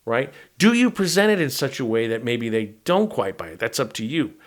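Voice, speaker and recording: A man's voice: medium pitch, very animated, fairly quick. A middle-aged man and tabletop game master, explaining a game module in a casual, rambling walkthrough that he often punctuates with "right?". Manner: rambling, conversational, with frequent "right?" tags.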